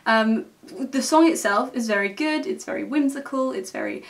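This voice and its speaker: A woman's voice: on the high side, expressive, moderate pace, vocal fry, distant mic. A young woman reviewing a film in a casual, enthusiastic way, often ending her points with a questioning "okay?". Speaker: film vlogger.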